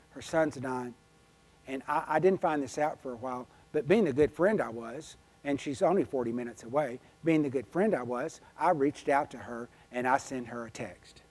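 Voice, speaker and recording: Folksy, animated man telling stories. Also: mid-range voice. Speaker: keynote speaker. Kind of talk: storytelling conference keynote. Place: conference hall.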